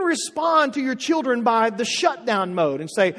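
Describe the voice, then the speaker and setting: High-voiced preacher in an echoing hall. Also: male voice, big pitch swings, moderate pace. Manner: emphatic, repeats phrases, swings from loud to hushed. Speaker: pastor. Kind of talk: sermon.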